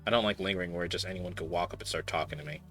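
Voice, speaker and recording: A man's voice: sits low, rapid-fire, pushed and bright, faint music behind. Tabitha, a guarded young mine boss, read by a man. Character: guarded young woman who runs the town mines. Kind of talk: reading game dialogue aloud.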